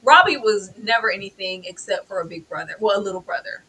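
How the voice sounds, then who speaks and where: A woman co-hosting a casual TV review chat, animated and emphatic, acting out characters' lines. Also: medium pitch, quick pace, husky, poor audio. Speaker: co-host of a TV review show.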